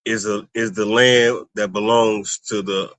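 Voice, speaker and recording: Low-voiced man, rambling co-host. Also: steady tone, measured pace, fairly bright tone, dry recording. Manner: rambling, keeps asking "you understand me". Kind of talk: casual religious discussion.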